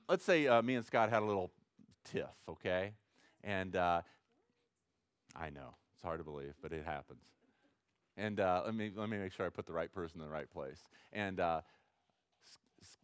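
A man preaching a sermon as pastor, acting out prayers and little dialogues, swinging from loud to hushed. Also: deep voice, clear, resonant tone, dry recording. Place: church sanctuary with congregation.

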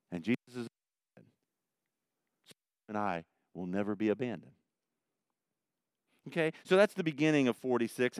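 Slow, smooth-voiced preacher building to fervor. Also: male voice, mid-range voice, no room sound. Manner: swings from quiet intensity to fervent, near-shouted emphasis. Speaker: pastor. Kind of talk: sermon. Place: church in Indianapolis.

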